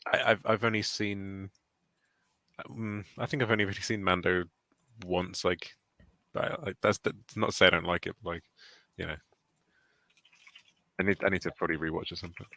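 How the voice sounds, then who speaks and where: A man's voice: low voice, fairly even intonation, bright, forceful tone, no room sound. A man co-hosting a podcast in casual chat, hesitant and full of restarts. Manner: hesitant, lots of fillers and restarts, quick. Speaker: podcast co-host.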